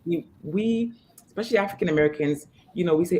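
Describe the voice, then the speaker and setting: Fitness trainer lady talking fast and pushy-motivational on a video call, bit of hiss behind. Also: fairly low pitch, mellow. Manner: emphatic, motivational, fast restarts. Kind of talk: interview guest.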